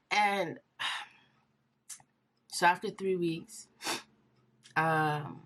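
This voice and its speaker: A young woman vlogger telling a personal story in a chatty, animated way, acting out what she and others said. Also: low voice, measured pace. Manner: chatty, animated retelling with quoted inner dialogue.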